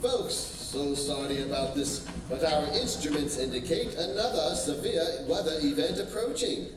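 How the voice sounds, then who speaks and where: An actor playing an airline pilot making a formal cabin announcement in a live stage comedy. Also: male voice, on the high side, expressive, moderate pace, natural voice. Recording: very echoey theater from far off, background noise.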